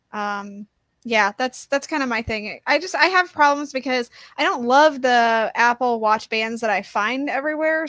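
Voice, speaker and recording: A woman co-hosting a podcast, telling stories in casual chat, animated and quick to laugh. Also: on the high side, no room sound. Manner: animated storyteller, laughs easily. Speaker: podcast co-host.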